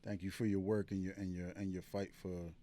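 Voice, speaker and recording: A man's voice: low voice, little pitch movement, a little fast, dark tone. A man co-hosting a podcast in casual chat, laid-back, often tagging lines with "man" and "you know what I'm saying". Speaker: podcast co-host.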